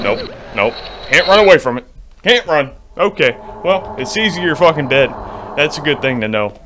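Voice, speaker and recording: A man's voice: mid-range voice, noisy background. A man giving jumpy, profane commentary to himself while playing a horror game. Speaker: gamer.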